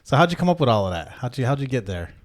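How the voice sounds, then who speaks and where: A man's voice: medium pitch, very animated, racing. A man hosting a podcast, asking his guest easygoing questions in a casual interview.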